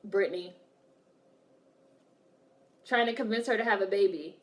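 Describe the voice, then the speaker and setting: A woman's voice: medium pitch, measured pace. A woman streamer reacting to a film, chatting casually, laughing often and reading her chat aloud.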